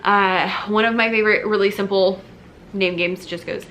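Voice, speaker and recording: A woman's voice: mid-range voice, steady tone, normal speed, fairly bright tone, a little hiss or hum. A woman who teaches elementary music, chatting casually to camera with an upbeat manner and many fillers.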